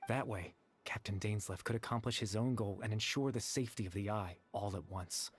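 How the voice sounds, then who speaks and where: A calm young man from memory. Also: on the low side, husky. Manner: calm, measured explanations. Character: gentle young man who lives only in memories. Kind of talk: game cutscene voice acting. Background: faint game music.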